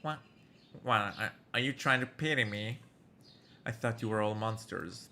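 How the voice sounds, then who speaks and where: A man voicing a bitter male villain, speaking slowly in a cold, low tone. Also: pushed and bright, slight background noise.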